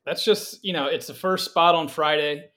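A man as a guest in a casual podcast chat, relaxed and swearing casually. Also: fairly high pitch, normal speed.

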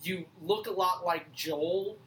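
A woman co-hosting a casual podcast, excitable and swearing freely while laughing. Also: lowish voice, slow, slight background noise, poor audio. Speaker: podcast co-host. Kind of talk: casual chat.

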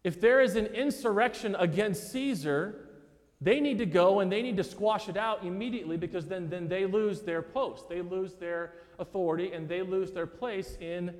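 High-voiced pastor preaching in a reverberant church. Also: male voice, moderate pace. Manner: conversational preaching, addresses listeners as "guys". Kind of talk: sermon. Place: church sanctuary.

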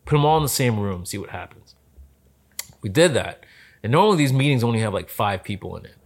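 A man in a casual conversation about film lighting. He tells stories in an animated way, acts out what people said, and often restarts his sentences. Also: lowish voice, fairly quick. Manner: animated storyteller, acts out quotes, many restarts. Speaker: lighting specialist guest.

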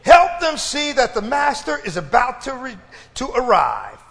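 A man's voice: very high voice, huge pitch swings, a little slow, creaky, a bit bright, slight background noise. A man preaching a sermon, stretching out his phrases for emphasis and calling on the congregation to respond. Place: church. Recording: reverberant church hall.

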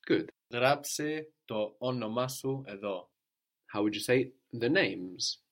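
A man teaching a language lesson, patiently prompting and repeating answers slowly. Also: medium pitch, expressive.

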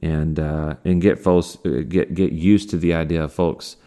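Deep voiced guy preaching, chatty, lots of uhs, slows way down for the verses. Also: fairly even intonation, dark tone. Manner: conversational, with many fillers and restarts; slows down to read scripture. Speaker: pastor. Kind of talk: sermon.

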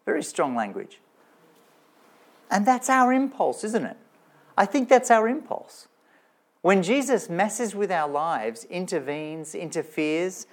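In a church where slides are shown, a preacher delivers his sermon conversationally, asking his audience rhetorical questions. His voice sits high and is very animated, yet slow, with frequent pauses.

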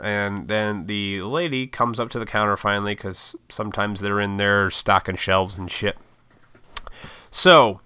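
This fairly low-pitched man sounds bright, forceful, clear, and resonant, in clean studio audio with no echo. A sleep-deprived vlogger, he tells the camera a casual, meandering, profane story that mocks his own impatience.

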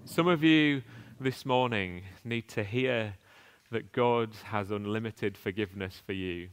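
Clear-voiced man preaching earnestly. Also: lowish voice, measured pace. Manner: earnest, conversational preaching with restarts and rhetorical questions. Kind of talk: sermon.

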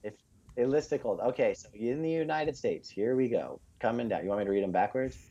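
A man's voice: medium pitch, expressive, a little fast, warm tone, breathy edge, lo-fi sound. A man co-hosting a casual chat, ranting in a sarcastic, profane way. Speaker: podcast co-host.

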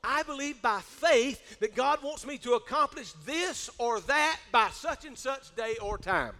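A middle-aged pastor preaching a sermon, calling for amens and swelling into shouts. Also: male voice, very high-pitched, expressive, a little slow. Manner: preacherly, rising to shouts, calls for amen. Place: church sanctuary. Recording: long hall reverb.

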